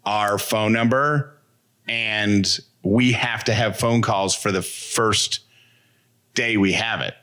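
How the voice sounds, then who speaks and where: A man's voice: on the low side, steady tone, slow pace, pushed and bright, clear, resonant tone. Playful man co-hosting a chatty podcast. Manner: rambling, playful, self-deprecating. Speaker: podcast co-host. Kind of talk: casual chat.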